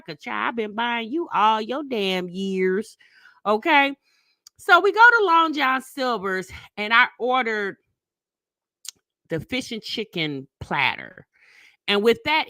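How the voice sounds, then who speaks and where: A middle-aged woman, chatting casually on a live stream and telling stories, animated and laughing often. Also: medium pitch, dry recording. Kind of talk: casual live chat storytelling.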